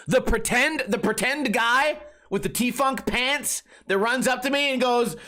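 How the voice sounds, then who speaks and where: Animated man ranting on a podcast. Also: very high voice, unhurried. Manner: animated, mocking, puts on voices of others, swears freely. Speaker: podcast host. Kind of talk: solo comedic rant.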